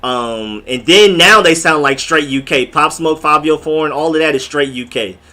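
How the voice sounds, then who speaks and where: Bright-voiced man riffing with his chat. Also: a little high, moderate pace. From Atlanta, US. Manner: rambling, slangy, talks straight to the chat. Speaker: live-stream host. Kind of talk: casual live-stream chat reading comments.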